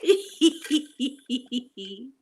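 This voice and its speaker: A middle-aged Scottish woman talks loosely on a live stream, answering the chat and breaking into laughter often. Her voice sits a little high for a woman. She rambles in a relaxed, unscripted way. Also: very slow, slight background noise. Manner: chatty, laughs often, reads chat aloud. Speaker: ASMR streamer.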